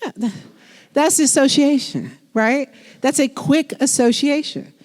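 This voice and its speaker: A woman in her forties giving a public lecture on leadership, lively and conversational, acting out the people she quotes. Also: sits high, unhurried. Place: lecture hall.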